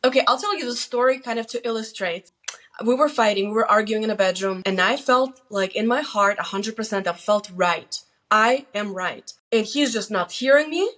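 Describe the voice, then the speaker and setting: A woman's voice: fairly high pitch, normal speed, a bit bright. Earnest middle-aged woman giving advice. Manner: earnest, plain-spoken storyteller giving advice. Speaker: guest, host's mother. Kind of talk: casual conversation.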